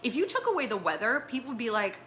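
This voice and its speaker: A woman's voice: a little high, very animated, fast talker, a bit bright, a little hiss or hum. A woman from Los Angeles hosting a casual advice livestream from home, blunt and swearing freely. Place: at home with pillows and tea.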